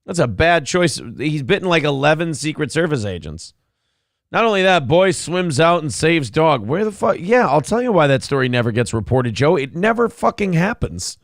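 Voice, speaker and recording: A man hosting a morning talk show, mocking and sarcastic as he talks over clips. His voice sits fairly high and swings widely in pitch. The sound is close and dry. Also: big pitch swings, moderate pace, no room sound. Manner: mocking, sarcastic, laughs often. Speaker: co-host. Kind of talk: sarcastic political commentary.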